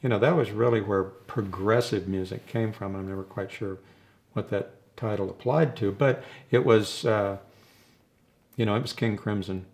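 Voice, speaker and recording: A man's voice: on the low side, normal speed, darkish tone. An older man, a rock drummer, reminiscing in a rambling, casual way during an interview and chuckling between his stories.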